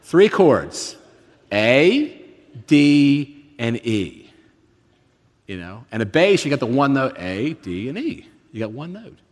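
With a slow pace and lots of rise and fall in his pitch, a man in his fifties preaches as a guest, telling stories casually and joking at his own expense. A large hall lends his voice a long reverb.

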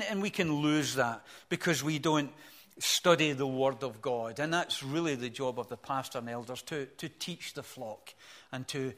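An older man with a mid-range voice preaches a sermon as a pastor. He's earnest, swelling to emphatic peaks before dropping soft and slow.

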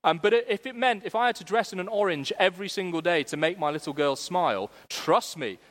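Young male preacher, fairly high voice, earnest and lively, church echo. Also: fairly quick. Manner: earnest and animated, shifting from self-mocking humor to hushed gravity. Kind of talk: sermon. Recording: long church reverb.

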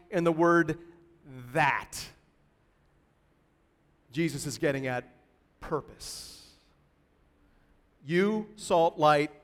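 A man preaching a sermon as pastor, emphatic and deliberate, building to loud stresses on key words. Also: fairly high pitch, long reverb tail.

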